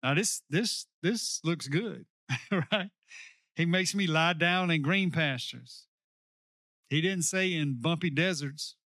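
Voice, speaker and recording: Male pastor, sermon, slightly higher voice, call-and-response, dry sound. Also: bright, forceful tone, dry recording. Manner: preaching with call-and-response to the congregation; slows down to stress key lines.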